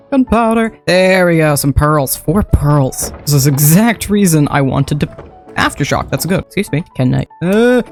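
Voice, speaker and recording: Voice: medium pitch, darkish tone. A gameplay commentator talking casually while playing, rambling and correcting themself with playful asides.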